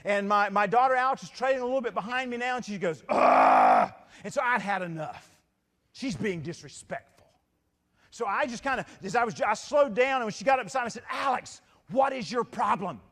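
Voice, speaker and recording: A middle-aged man giving a motivational keynote, telling a story with lively acted-out quotes. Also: high-pitched, quick pace. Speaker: keynote speaker. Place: large convention hall. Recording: long hall reverb.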